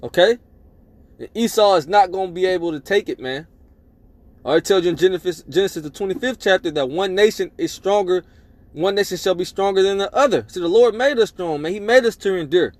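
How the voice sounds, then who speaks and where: A man preaches in a high voice, a little fast, with no echo in the recording. Between scripture readings he hammers each point with emphasis, closing lines with "man" and "all right?".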